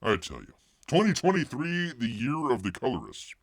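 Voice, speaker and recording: On a casual livestream, a man rambles along, tossing in jokey asides and silly voices while referring to himself by name in the third person. His voice sits at a medium pitch but swings wildly up and down, with a creaky texture and a moderate pace. The recording is dry.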